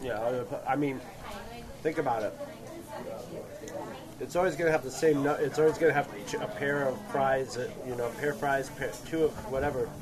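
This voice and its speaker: A man's voice: mid-range voice, steady tone, a little fast. Rambling male podcast host at a busy market. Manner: rambling, explains with many restarts. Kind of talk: casual chat. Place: outdoor public market. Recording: outdoor market with crowd chatter.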